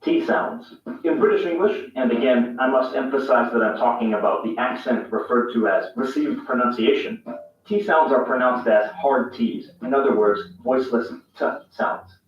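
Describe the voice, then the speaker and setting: A man's voice: mid-range voice, normal speed, very echoey. A man gives a scripted, precise explanation of English pronunciation. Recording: video clip played in a room, distant and dull.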